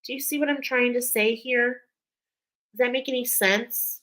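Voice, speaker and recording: A woman's voice: fairly high pitch, fairly even intonation, moderate pace, fairly bright tone, rough recording. A woman giving an intuitive spiritual reading to her viewers, rambling with many fillers and getting emotional as she speaks. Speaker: spiritual card reader.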